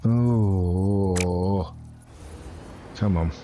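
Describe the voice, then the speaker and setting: A man's voice: deep voice, very slow, mellow, slight background noise. A man streaming a building game, chatting to his viewers in a rambling, jokey, self-deprecating way. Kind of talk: casual gameplay live stream chat. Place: home setup, streaming off a laptop. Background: game music.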